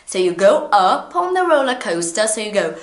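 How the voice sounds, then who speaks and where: A woman whose first language is Portuguese, teaching an English pronunciation lesson to camera in a playful, animated way and repeating words slowly to demonstrate. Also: medium pitch. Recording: echoey room.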